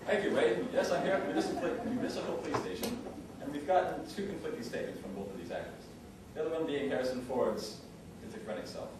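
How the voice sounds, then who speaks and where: A man's voice: fairly high pitch, very animated, quick pace, noisy background. A man with a Canadian accent improvising as a mock-serious field reporter on a news show. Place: theatre stage with live audience. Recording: echoey stage recorded from far off.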